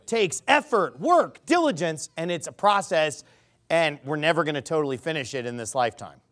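A man's voice: fairly high pitch, expressive, normal speed, fairly bright tone. A man preaching a sermon, emphatic, quizzing the crowd with rhetorical questions.

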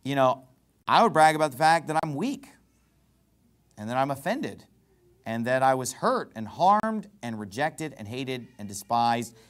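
A man preaching a verse-by-verse sermon, reading scripture in a rising, emphatic cadence and swinging between loud emphasis and quiet asides. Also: mid-range voice, sing-song, a little slow. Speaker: pastor.

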